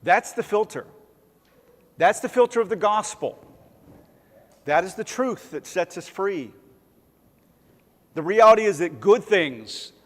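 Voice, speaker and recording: A man delivering a sermon in a casual, self-deprecating way, his voice sitting a little high for a man. A long reverb trails behind him, as in a big church hall. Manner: conversational and self-deprecating, acting out voices in quotes. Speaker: pastor. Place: church sanctuary.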